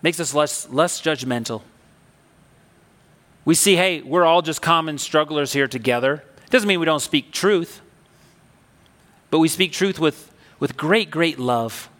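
Unhurried and pausing often, a pastor with a high, bright voice shares a sermon in the style of a personal story, casual yet swelling with emphasis. The long echo of the church sanctuary hangs behind everything he says.

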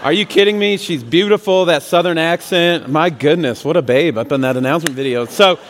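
A man's voice: on the high side, a little fast, big-room sound, slight background noise. A man serving as student pastor, preaching a sermon in a casual, joking, conversational way. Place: church sanctuary.

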